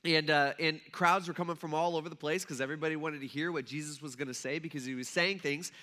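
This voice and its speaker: A man's voice: fairly high pitch, fairly even intonation, quick pace, bright, forceful tone. A male pastor giving a casual, conversational sermon. He tells the story loosely, acts out the voices of the people in it, and fills his speech with "kinda" and "like".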